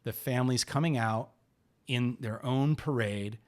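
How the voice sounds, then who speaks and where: A middle-aged man hosting a podcast, narrating a personal story in an unhurried, rambling way with many pauses and restarts. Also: medium pitch. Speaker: podcast host.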